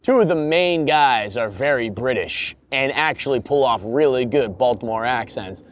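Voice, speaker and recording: A man putting on an overblown, drawn-out announcer voice, saluting someone in mock grandeur as a parody. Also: mid-range voice, expressive, slight background noise, close to an everyday voice. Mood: mock-heroic.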